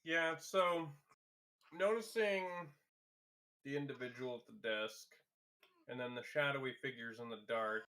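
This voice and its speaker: A man's voice: medium pitch, a little slow, pauses often, pushed and bright. A man playing in a tabletop role-playing game, speaking hesitantly with many fillers. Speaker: player.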